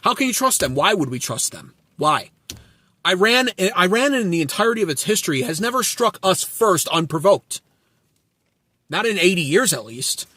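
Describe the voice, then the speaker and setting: Male channel host, sarcastic and crude, higher voice, dry close sound. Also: big pitch swings, normal speed, bright, forceful tone, husky, no room sound. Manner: sarcastic, profane, blunt. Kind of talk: political commentary with chat replies.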